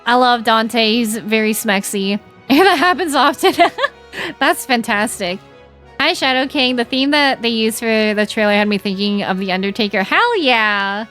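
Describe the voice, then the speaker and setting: A young woman chatting casually while streaming a game, animated and giggly, with lots of "like" fillers. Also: a little high, moderate pace, faint music behind.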